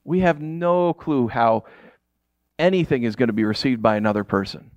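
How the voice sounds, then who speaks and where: A man in his thirties from upstate New York preaching a sermon, telling personal stories with lively, acted-out reactions. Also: mid-range voice, moderate pace, no room sound, dull audio. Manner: animated storytelling, acts out shouted reactions. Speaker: pastor.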